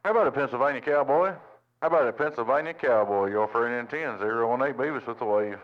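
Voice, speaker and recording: A man's voice: mid-range voice, quick pace. A man from Tennessee, chatting on CB radio in a friendly way and repeating his sign-off. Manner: friendly, repetitive call-sign sign-offs. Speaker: CB radio operator. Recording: lo-fi radio with static.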